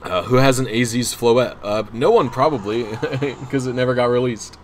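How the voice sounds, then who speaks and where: A man's voice: mid-range voice, normal speed, a little hiss or hum. A young man chatting casually on a livestream, rambling and self-deprecating as he talks to viewers. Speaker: streamer.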